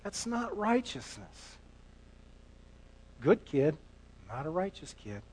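A man preaching a sermon as pastor, swinging between hushed asides and loud emphatic passages, often repeating words as he builds a point. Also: a little high, big pitch swings, takes it slowly, slightly rough, low-quality recording.

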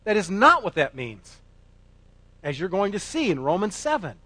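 A man preaching a sermon, emphatic, moving between loud declarations and quiet asides. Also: high-pitched, sing-song, normal speed, no echo. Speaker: pastor.

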